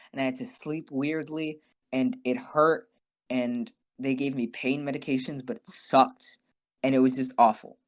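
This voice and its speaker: A young man tells a story on his podcast, swearing freely and speaking with animation. He drops into little impressions of the people he quotes as he goes. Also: medium pitch. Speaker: podcast co-host. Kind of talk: casual storytelling.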